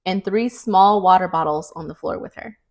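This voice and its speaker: A woman's voice: on the low side, normal speed. Chatty woman recapping a book. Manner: chatty, animated storyteller, many "like" fillers. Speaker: podcast co-host. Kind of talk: casual book recap chat.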